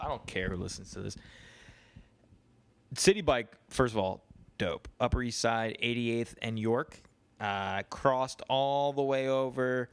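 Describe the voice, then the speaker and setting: A young man rambles through a solo podcast in loose, casual talk. He swears freely and drifts from topic to topic. His voice sits in an ordinary middle pitch. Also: a bit bright, clean tone. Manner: crude, rambling, swears a lot. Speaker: podcast host.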